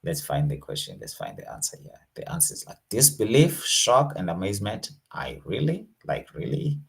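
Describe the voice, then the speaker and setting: A man's voice: sits low, wildly swooping pitch, a little fast, creaky. A South African man teaching an online exam revision lesson, casual and slangy, switching between languages.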